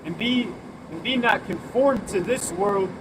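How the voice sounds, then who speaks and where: A man's voice: high-pitched, a little slow. A man reading scripture aloud outdoors, then commenting on it in a blunt, casual way that includes swearing. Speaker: scripture reader at street preaching. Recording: outdoor street noise, passing traffic.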